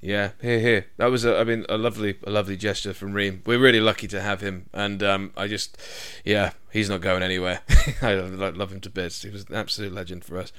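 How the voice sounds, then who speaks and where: A man's voice: fairly low pitch, level tone, a little fast, few pauses, a bit bright, clean tone. A man hosting a casual football podcast, chatty and enthusiastic, with frequent fillers and restarts. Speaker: podcast host.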